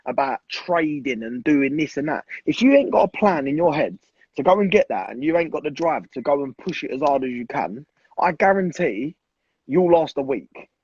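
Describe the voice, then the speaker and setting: Twenties, husky and blunt, swears freely; dull dry sound. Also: male voice, fairly high pitch, expressive, normal speed, darkish tone, no echo. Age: 20s. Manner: blunt, swears a lot, repeats for emphasis. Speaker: guest. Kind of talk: casual chat.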